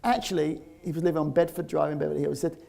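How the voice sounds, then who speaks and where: A man in his fifties with a London accent tells a personal story in an animated, lively way. His voice sits a touch high and has a gravelly, creaky edge. He laughs easily as he talks. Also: very fast. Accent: London English. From England (London). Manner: lively, often laughs while talking. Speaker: interviewee telling a personal story.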